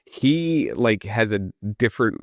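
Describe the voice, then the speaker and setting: Low-voiced man telling animated stories. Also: unhurried, vocal fry, dry recording, studio quality. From East Tennessee. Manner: animated storyteller, lots of "like". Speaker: podcast co-host. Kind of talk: casual podcast chat.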